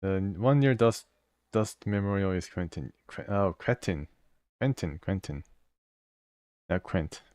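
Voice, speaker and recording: Deep-voiced man commenting on a game. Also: measured pace, pauses often, no room sound, clean studio sound. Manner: reads game text aloud, thinks out loud with fillers and laughs. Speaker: gamer. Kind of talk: let's play commentary.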